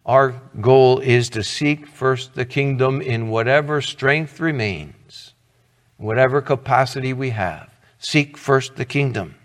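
A man's voice: mid-range voice, takes it slowly, big-room sound. A middle-aged man preaching a sermon as pastor, earnest and conversational, asking the congregation questions.

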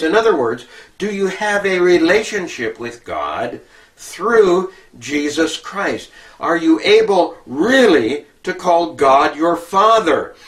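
Man preaching a Bible lesson, slightly high voice, unhurried, mic set back from him. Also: fairly bright tone, distant mic. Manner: slow, halting, many filler "uh"s. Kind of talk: Bible teaching sermon.

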